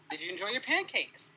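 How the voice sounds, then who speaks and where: A woman streamer teasing and joking loudly in a casual group chat on a live stream. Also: fairly high pitch, slight background noise, low-quality recording. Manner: teasing, loud, laughing often.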